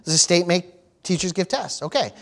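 High-voiced man preaching with fervor. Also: expressive, fairly quick, creaky, fairly bright tone. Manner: preachy call-and-response, repeats phrases for emphasis. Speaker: pastor. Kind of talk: sermon.

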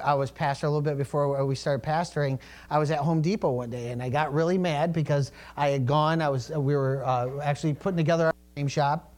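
A middle-aged male pastor with a voice on the high side preaches a sermon. His style is conversational and story-driven, with asides to the congregation.

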